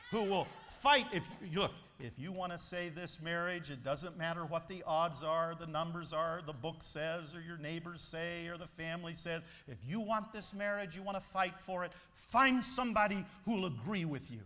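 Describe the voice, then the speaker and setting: A man's voice: fairly high pitch, fairly even intonation, moderate pace, hardly any pauses, pushed and bright. A man giving an emphatic motivational speech to a convention audience, telling a story like a preacher. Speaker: motivational speaker. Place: large convention hall. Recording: long hall reverb.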